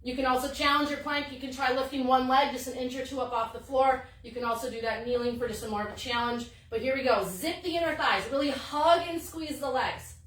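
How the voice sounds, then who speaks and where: High-voiced upbeat female fitness coach. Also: a little fast, few pauses, fairly bright tone, echoey room, recorded from a distance. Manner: upbeat, encouraging, counts reps aloud. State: a little out of breath. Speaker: fitness instructor. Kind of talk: live-streamed workout coaching.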